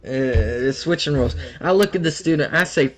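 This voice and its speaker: A young man rattles off a wild, crude story in a loose, casual way. His voice sits a little high, and he gets animated, laughing as he goes. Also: fast.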